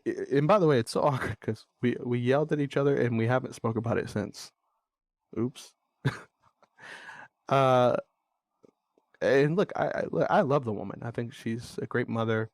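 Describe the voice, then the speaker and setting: A young man talks candidly into the mic in a blunt, exasperated way, cursing often as he vents. His voice sits in an ordinary middle range. The sound is dry and close, with no room echo. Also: mid-range voice. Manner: blunt, swears freely, exasperated venting. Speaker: podcast host. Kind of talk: candid monologue.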